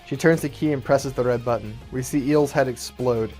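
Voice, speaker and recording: A man narrating his own fan-written action script, brisk and matter-of-fact, at an even, middling pitch. Soft guitar music sits faintly behind him. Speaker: storyteller.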